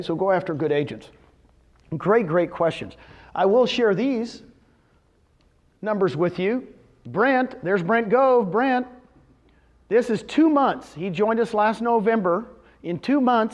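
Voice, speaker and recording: A man speaking live to a room of real estate agents, animated and quizzing his audience with questions, often acting out what others told him. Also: sits high. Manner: retells conversations in quoted voices. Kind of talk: live seminar talk.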